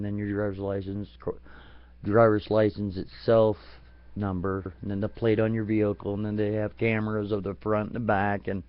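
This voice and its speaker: In a dull, dry, lo-fi home recording, a lowish-voiced man rants to his stream, foul-mouthed and funny, repeatedly laughing at his own jokes.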